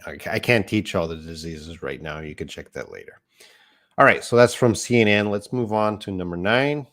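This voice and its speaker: A man's voice: low voice, moderate pace, fairly bright tone. A middle-aged man teaching a live online English lesson, patiently explaining words step by step and correcting himself as he goes.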